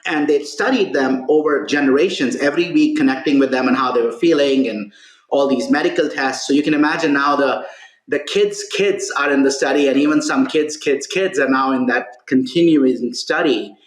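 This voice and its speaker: A man's voice: medium pitch, moderate pace. A male podcast guest and author telling a story in conversation, peppering his talk with "right?" and "you know". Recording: roomy echo.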